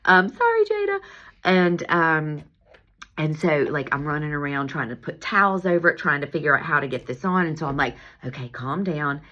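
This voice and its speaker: A woman with a low voice and a bright, forceful edge tells a story, acting out her own exclamations, laughing as she goes. She talks like a chiropractor sharing a personal tale, loose and conversational, in a casual vlog. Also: a little fast, dull audio, slight background noise. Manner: animated, laughing, lively retelling with acted-out exclamations.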